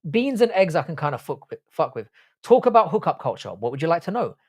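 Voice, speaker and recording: Sweary English man, lively pitch. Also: quick pace. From England. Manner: blunt, sweary banter. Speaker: livestream host. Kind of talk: casual livestream chat reading comments.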